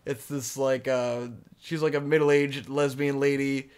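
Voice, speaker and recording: A young male podcast co-host rambles through a long story in a relaxed, unhurried way, swearing and filling it with "like." His voice is medium-pitched and fairly flat, a little mellow, with a clean tone.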